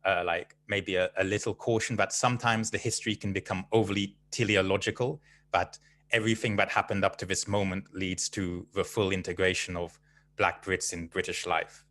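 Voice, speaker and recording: A man's voice: low voice, little pitch movement, a little fast, fairly bright tone. A man speaking as a panelist in an online academic discussion, cautious and hesitant, repeating his words. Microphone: video call.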